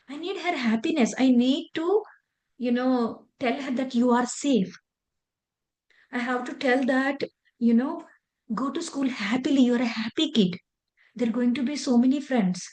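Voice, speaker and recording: A woman, teaching meditation in an earnest, conversational way with a personal story. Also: high voice. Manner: earnest, conversational, loose grammar. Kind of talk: spiritual lesson with personal story.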